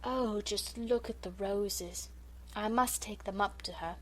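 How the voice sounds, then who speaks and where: A woman's voice: mid-range voice, a little slow, natural voice. Bobby, a woman voicing an earnest young girl. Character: eager bright girl, the eldest sister.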